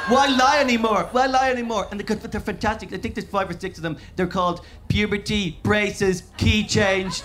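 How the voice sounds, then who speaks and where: A giddy, boastful pop-band manager, as a comedian puts him on, bragging with quick asides. The voice is high for a man and carries a faint hiss. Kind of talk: stand-up impression.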